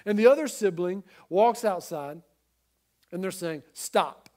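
A male pastor preaching a sermon in an earnest, emphatic way, speaking straight to listeners at home and swinging between quiet and loud. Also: sits high, measured pace. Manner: addresses listeners at home directly.

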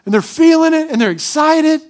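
A man preaching a sermon as pastor, animated, acting out crowd shouts in a raised voice. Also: very high voice, a little fast.

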